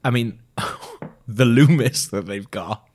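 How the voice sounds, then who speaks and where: A man with a Welsh accent co-hosting a casual film podcast, excitable, laughing often and swearing casually. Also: mid-range voice, slow. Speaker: podcast co-host.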